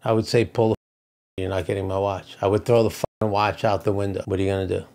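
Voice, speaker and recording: A man's voice: lowish voice, level tone, fast, darkish tone. A man from Brooklyn, retelling a story in casual chat, blunt and profane. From Brooklyn, New York. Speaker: podcast co-host.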